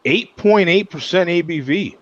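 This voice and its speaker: A man hosting a casual chat over beers, with a lively voice that swings up and down. He laughs often and tells animated stories. The sound is dull and lo-fi, like a video call. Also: high voice, normal speed, dry recording. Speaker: host.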